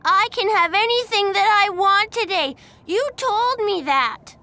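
A shrill small boy demanding treats at the top of his lungs, as a woman reads him in a storybook. The voice sits far higher than any adult's and lands loud and insistent. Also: slow, full character voice. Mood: whining. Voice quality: shrill, shouting. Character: demanding little red-haired boy, loud and whiny.

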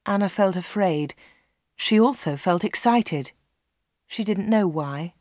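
A woman reading a storybook aloud as narrator, slow and clear, voicing the dialogue. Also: mid-range voice, expressive, darkish tone, no room sound, studio quality.

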